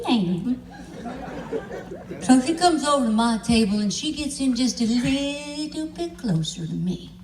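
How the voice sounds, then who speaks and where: A woman's voice: medium pitch, recorded from a distance. A woman country singer telling a story on a live stage, chatty and self-mocking. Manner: chatty, self-mocking, laughs as she tells it. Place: large convention hall stage. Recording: echoey live hall, from afar.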